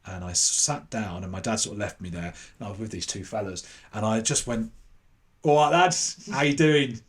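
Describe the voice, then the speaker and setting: Brief: low-voiced English man from London, chatty podcast guest spinning self-deprecating anecdotes with plenty of ums. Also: fairly quick. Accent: English, between posh and London. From London, England. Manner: animated anecdote-telling with self-deprecating asides and fillers. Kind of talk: casual storytelling interview.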